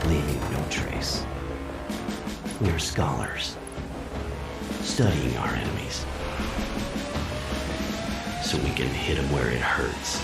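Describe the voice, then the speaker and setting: Trailer narrator: a menacing stealth warrior, very deep and gravelly, loud music under him. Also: male voice, exaggerated voice. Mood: brooding. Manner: slow, brooding declarations. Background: loud epic game trailer music.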